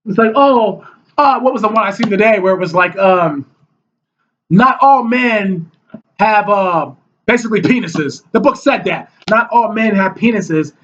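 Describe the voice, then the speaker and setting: A man with a very high voice rants on camera, heated and scornful, mocking the people he argues against. The recording is dull and lo-fi, with the top end rolled off. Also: lively intonation, measured pace, fairly bright tone, slight background noise. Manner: heated and mocking, mimics opponents in whiny voices. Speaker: video blogger. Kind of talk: ranting monologue.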